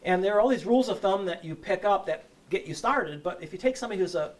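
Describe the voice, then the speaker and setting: A man's voice: high-pitched, lively intonation, quick pace, recorded from a distance. A man giving a lecture and answering audience questions, often hesitating, restarting and checking with "right?".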